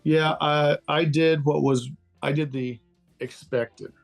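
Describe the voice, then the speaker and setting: A man's voice: a little high, fairly even intonation, slow pace, gravelly, faint music behind. An older man from Texas, a guest in a casual interview, talking candidly and laughing easily. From Texas, USA. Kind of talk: casual interview over a call.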